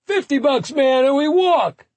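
A man voicing a brash young male passerby who shouts and haggles from the street in a storybook reading. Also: extremely high pitch, animated, a little slow, no room sound, pitched above the performer's own voice.

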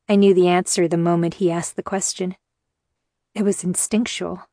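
A woman narrating a first-person novel in a measured, earnest way. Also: fairly low pitch, little pitch movement, dark tone, dry recording, studio quality. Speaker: audiobook narrator.

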